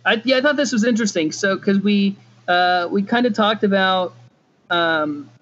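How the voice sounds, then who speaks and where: A man with a notably high voice argues his side in a casual podcast chat, pressing his point again and again. The sound is dull and lo-fi. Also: normal speed, a bit bright. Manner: insistent, argumentative. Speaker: podcast co-host.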